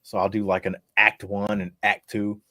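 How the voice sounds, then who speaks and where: Laid-back low-voiced man, dry sound. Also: normal speed, no echo. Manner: relaxed, laid-back, swears casually. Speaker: rapper guest. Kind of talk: casual podcast interview.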